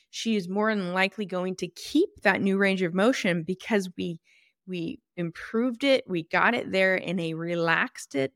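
Woman, podcast host, casual clinical talk, emphatic, slightly low voice, dry studio sound. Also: fairly bright tone, dry recording. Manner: casual, self-correcting, emphatic.

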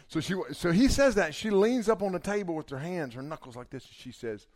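A man telling a long story in a casual, animated way, acting out the quotes. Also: fairly high pitch, fairly quick.

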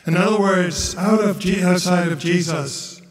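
A male priest giving a homily in a slow, measured way, sometimes chanting the gospel reading. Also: sits high. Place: church. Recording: echoey church from far off.

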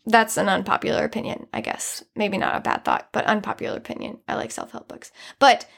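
A woman's voice: medium pitch, animated, a little fast, creaky, a bit bright. A young woman hosting a podcast, talking alone in a chatty, earnest way with many fillers. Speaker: podcast host. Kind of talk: casual solo monologue.

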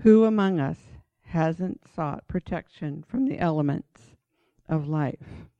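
Mellow-voiced woman giving an earnest sermon. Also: low voice, slow pace, dry recording. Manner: earnest, emphatic, exhorting. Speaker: Bible teacher. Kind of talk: sermon-style Bible teaching with read-aloud passages. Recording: dull lo-fi dry recording.

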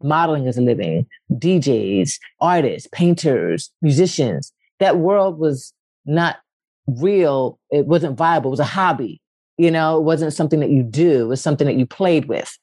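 Recorded dry, this poet-actress from West Philadelphia, USA speaks at a moderate pace in a candid storytelling conversation. Her delivery is lively, with casual cursing and quoted lines performed through sharp jumps in pitch.

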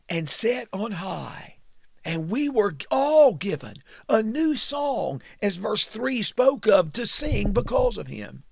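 A man preaching a sermon, reading and explaining scripture in a slow, emphatic way. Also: high voice, creaky, slightly rough, no echo, studio quality.

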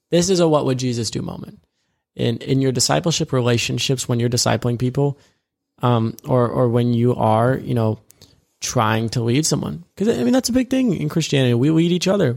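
A man with a gravelly, creaky edge in a mid-range voice, talking through faith in a loose, conversational way. He rambles, corrects himself, and retells scripture scenes in plain everyday words. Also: medium pitch. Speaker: co-host of a discipleship podcast. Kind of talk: casual faith discussion.

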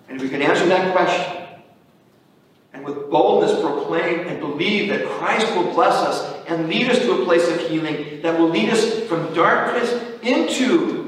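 A man's voice: fairly high pitch, distant mic, a little hiss or hum. A priest giving an earnest sermon, preaching in a conversational way and often repeating his phrases. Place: church. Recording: echoey church hall from afar.

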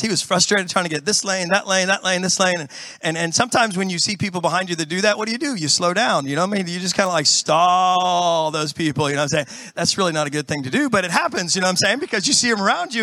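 Middle-aged male pastor, bright and high, animated storytelling sermon, dry close mic. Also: fast, dry recording. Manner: animated, exclamatory, acts out everyday scenes. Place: church building with a congregation.

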